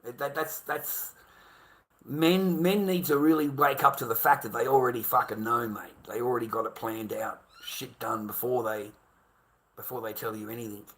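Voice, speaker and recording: A man's voice: mid-range voice, steady tone, normal speed, fairly bright tone. A middle-aged man with an Australian accent, ranting casually about relationships, crude and full of swearing, forever calling the listener mate. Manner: crude, swearing, repetitive, keeps saying mate. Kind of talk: casual rant.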